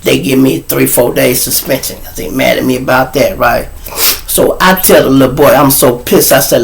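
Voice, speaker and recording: A middle-aged man, hosting his show and telling a profane, animated story straight to his audience. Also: mid-range voice, moderate pace, creaky. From Chicago. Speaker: show host. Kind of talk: storytelling monologue.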